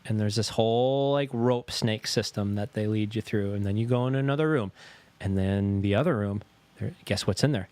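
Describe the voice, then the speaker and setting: This man co-hosts a podcast, speaking at normal speed in a fairly low voice. He tells animated stories in casual conversation, swearing a lot and voicing the people he quotes.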